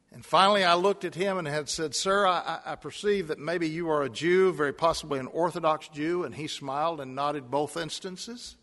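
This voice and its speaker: A man's voice: fairly high pitch, fairly bright tone. A man preaching a sermon, telling a personal story and building to emphatic repeated calls. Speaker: pastor. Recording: long hall reverb.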